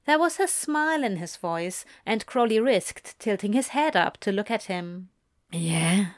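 A woman narrating a story aloud, calm and steady in tone. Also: medium pitch, no echo, clean studio sound. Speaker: audiobook reader. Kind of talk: scripted fiction narration.

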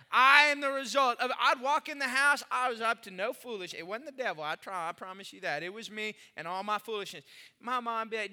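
A man preaching a sermon as pastor, energetic and speaking directly to the congregation, moving between loud bursts and quiet intensity. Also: very high-pitched, brisk, in a large hall.

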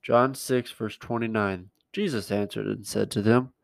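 A man's voice: fairly low pitch, fairly even intonation, moderate pace, creaky, no echo. A male pastor giving a conversational sermon, plain-spoken and emphatic, repeating his key words.

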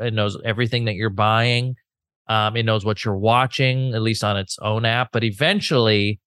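Low-voiced man musing on a podcast. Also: a bit bright, smooth, no room sound, studio quality. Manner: rambling, thinks aloud with many fillers. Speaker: podcast co-host. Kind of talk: casual chat.

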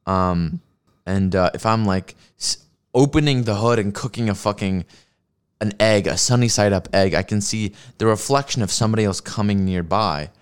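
This man's voice is lowish, clear and resonant, moving at a normal speed. He's ranting through video reactions on a stream, swearing frequently and cracking himself up with sarcastic jokes. The audio comes from a desk streaming mic with a mixer.

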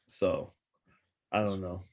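A man's voice: low-pitched, slow pace, darkish tone. A man co-hosting a casual podcast chat, wry and teasing, often musing hesitantly. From West Indian family. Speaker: podcast co-host.

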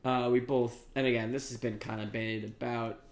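A man's voice: mid-range voice, little pitch movement, a little fast, slight background noise. A congested man co-hosting a podcast, rambling casually with many restarts and some swearing. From Long Island, US. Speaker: podcast co-host. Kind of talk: casual chat about fights. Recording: echoey room.

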